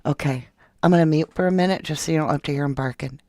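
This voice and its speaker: A woman's voice: low-pitched, quick pace, a little mellow, no room sound, studio quality. A woman hosting a true crime podcast in a casual, chatty way, talking straight to her viewers and reading a document aloud.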